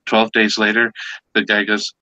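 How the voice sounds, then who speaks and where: A man's voice: fairly low pitch, monotone, normal speed, bright, forceful tone, dry recording, rough recording. A man chatting casually and telling jokes in a rambling way, with many fillers.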